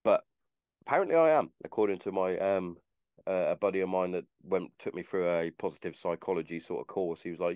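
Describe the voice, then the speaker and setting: A man's voice: low-pitched, fairly quick, a little mellow, smooth, no room sound, highs cut off. A man hosting a podcast, chatting casually in a rambling way and swearing freely. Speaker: podcast host. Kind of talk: casual chat.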